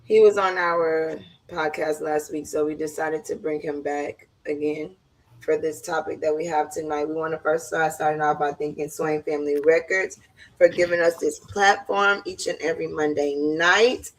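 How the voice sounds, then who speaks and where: A woman's voice: low-pitched, fairly even intonation, normal speed, rough recording. A woman hosting a podcast in casual chat, talking in a chatty, dramatic way. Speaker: podcast host.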